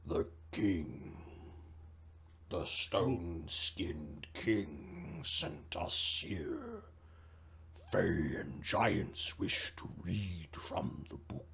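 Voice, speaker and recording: A man voicing an ancient, slow-witted albino troll, speaking in a slow, halting, gravelly half-whisper. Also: sits low, big pitch swings, fairly bright tone, full character voice. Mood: cryptic.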